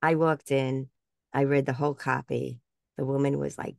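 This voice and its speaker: An older woman tells stories with real animation, laughing often and dropping into quick impressions of other people. Her voice has a gravelly, creaky texture. The sound is dry and close, as on a video call. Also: extremely low pitch, flat delivery, a little mellow, no room sound. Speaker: guest speaker and voice actress. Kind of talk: storytelling in a casual interview.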